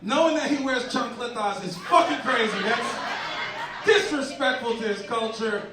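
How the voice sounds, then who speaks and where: A man's voice: extremely high pitch, moderate pace, noisy background. A man doing a brash, profane stand-up set in a comedy club, teasing the crowd. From Massachusetts. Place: comedy club stage before a laughing audience. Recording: echoey club sound from a distant mic.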